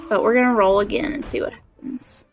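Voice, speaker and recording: A woman's voice: on the high side, fairly even intonation, brisk, vocal fry, soft background music. A young woman from Alabama with a Southern accent, chatting in a bubbly, giggly way while she streams a game. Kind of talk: casual gaming livestream chat.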